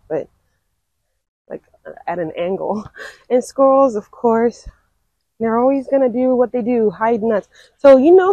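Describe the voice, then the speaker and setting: A young woman strolls around an outdoor park lake and talks to her camera in a relaxed, chatty way, with plenty of "like" and "um". Her voice sits a little high with a husky, breathy edge, and she takes her time. The sound is dry, with no room echo. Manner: chatty, lots of "like" and "um". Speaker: wildlife vlogger. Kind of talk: casual walking vlog narration.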